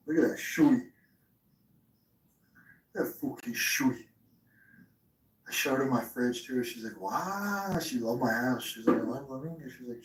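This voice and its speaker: A man's voice: medium pitch, far from the mic. A young man live streaming from his home, telling crude, boastful stories to his chat in a rambling way. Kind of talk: casual livestream chat. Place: room at home. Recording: echoey room, off mic.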